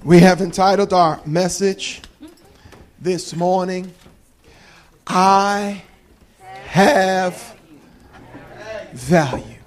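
A middle-aged man with a New Jersey accent preaching a sermon in church, talking fast and calling on the congregation to respond. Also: high-pitched, poor audio. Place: church sanctuary.

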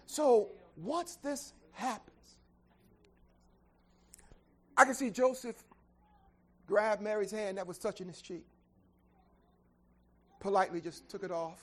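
A preacher telling a scripture story in a vivid, conversational way. The speaker checks in with the congregation and builds up to loud, high climaxes. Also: slow pace, pauses often. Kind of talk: sermon storytelling.

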